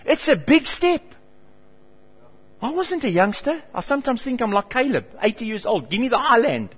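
A man's voice: very high voice, normal speed, slightly rough. A middle-aged man preaching a sermon as pastor, telling stories and acting out the people in them. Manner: animated storytelling, acts out quoted voices. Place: church hall. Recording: dull reverberant church hall.

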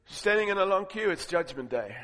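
An animated male preacher telling a humorous sermon story and acting out its scenes. His voice is high and bright. A long reverb from a large hall follows his words. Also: fairly quick.

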